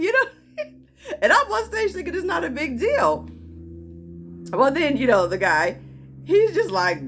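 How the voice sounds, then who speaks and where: A woman's voice: high voice, a little slow, pauses often, a little hiss or hum. A woman vlogger casually telling a personal story, acting out what others said and laughing as she goes. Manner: animated, laughing, acting out quotes.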